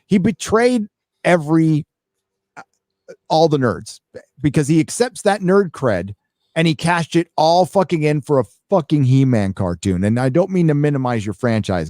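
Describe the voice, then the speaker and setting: A man hosting a live stream, chatting casually and reading out donations in a rambling, profane, excitable way. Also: fairly high pitch, no echo.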